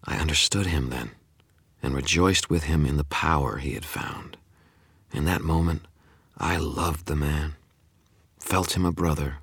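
A man narrates an audiobook with intense, dramatic first-person delivery. His voice sits extremely low and has a husky grain. The recording is dry and close. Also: measured pace, pauses often, fairly bright tone, no echo.

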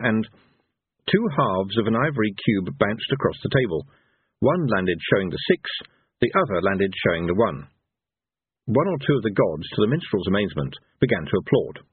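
A man narrating a fantasy audiobook in an expressive, storytelling manner. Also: lowish voice, breathy edge, no echo. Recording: tinny phone-like sound.

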